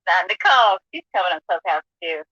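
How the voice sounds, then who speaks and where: A woman in a casual chat, lively and joking, laughing often. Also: fairly low pitch, fast talker, dry recording, dull audio. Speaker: chat room participant.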